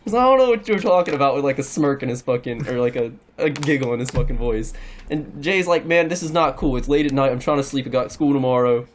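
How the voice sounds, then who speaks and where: A man's voice: mid-range voice, brisk, slight background noise. A young man telling a rambling, profane story in a casual chat with friends. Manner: rambling, profane, animated anecdote. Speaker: podcast regular.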